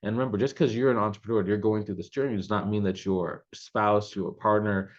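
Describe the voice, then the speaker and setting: Low-voiced man giving casual business advice. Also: steady tone, a little fast, lo-fi sound. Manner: loose and conversational, many fillers. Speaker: business coach. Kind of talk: casual advice talk to camera.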